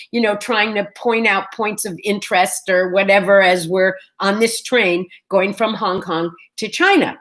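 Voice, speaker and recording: A middle-aged woman hosting a vlog, telling a story in a chatty, animated way straight to her viewers. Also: mid-range voice. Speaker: vlog host. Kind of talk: casual storytelling chat.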